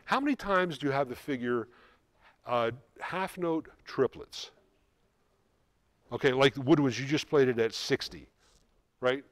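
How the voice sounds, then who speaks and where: A man coaching a high school band in rehearsal, giving quick instructions and singing rhythms to show how they go. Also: lively intonation. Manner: brisk, sings rhythms to demonstrate. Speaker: band clinician. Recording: music in the background. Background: band playing.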